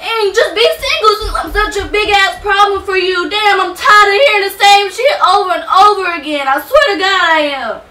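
A young woman in a heated argument with her boyfriend, yelling and swearing, close to tears. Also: very high voice, normal speed, few pauses, background noise. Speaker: girlfriend. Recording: echoey room from far off.

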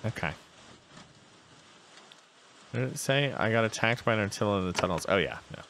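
Deep-voiced man chatting over gameplay. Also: animated, fairly quick, fairly bright tone, a little hiss or hum. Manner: chatty, talks to himself, reads game text aloud. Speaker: let's play host. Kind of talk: casual gameplay commentary.

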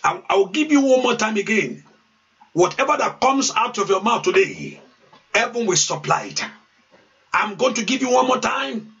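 Fervent high-voiced preacher, gravelly and distant. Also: male voice. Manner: fervent, repetitive, shouted pleas, speaking in tongues. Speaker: pastor. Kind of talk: fervent sermon prayer. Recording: distant, dull lo-fi sound.

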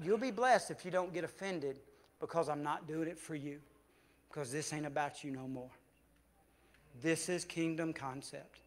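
A man preaching a sermon as pastor with a Southern US accent, swinging from loud emphatic passages to hushed ones. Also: fairly high pitch. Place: church sanctuary.

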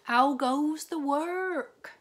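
A woman voicing a lazy old male farmer in a storybook, calling out from his bed in a slow, drawn-out, loud voice. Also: high-pitched, a little hiss or hum, voice pushed up, exaggerated voice.

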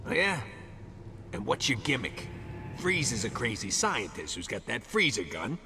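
A cocky henchman from a video game, jeering and lively in pitch. His taunts sit over clear background music. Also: moderate pace, in a large hall. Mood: taunting. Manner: jeering, mocking. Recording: game audio under music.

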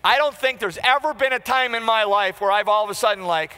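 A man's voice: high-pitched, brisk, sharp tone, clean tone, long reverb tail. A man preaching a sermon to a congregation, emphatic and conversational, asking the listeners questions and acting out quoted remarks. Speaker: pastor.

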